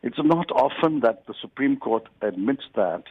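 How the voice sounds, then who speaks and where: An older man, a political guest, giving deliberate, lawyerly interview answers and stressing key words. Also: medium pitch, lively intonation, breathy edge, no room sound. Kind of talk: measured televised interview answers. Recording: tinny phone-like line.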